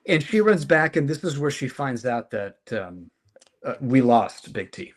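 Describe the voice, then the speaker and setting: Dude on a comic podcast summing up the plot, even and matter of fact, middle pitch. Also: male voice, unhurried. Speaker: podcast co-host. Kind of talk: casual comic book discussion.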